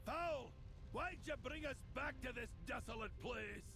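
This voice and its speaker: Gravelly Scottish dwarf warrior. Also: male voice, very high voice, measured pace, over music. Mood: gruff, scoffing.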